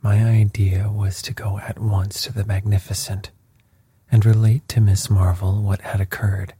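A male narrator reads in a soft, measured whisper. His voice is low and dark, very breathy. The sound is dry and close to the mic. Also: level tone, no room sound. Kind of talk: whispered storytelling.

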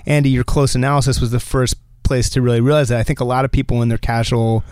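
Podcast co-host from New Jersey, animated and chatty, dry close recording. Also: male voice, medium pitch, fast talker, smooth, no room sound. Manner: talkative, animated, laughs often. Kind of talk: casual discussion.

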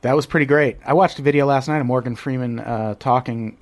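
A man's voice: mid-range voice, brisk. A male podcast co-host talks in casual chat. He is earnest and swears freely.

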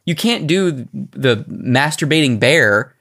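A man co-hosting a podcast, talking in a casual, animated and rambling way with lots of restarts. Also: mid-range voice, slow pace. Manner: animated, rambling with restarts, slips into mock voices. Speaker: podcast co-host. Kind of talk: casual chat.

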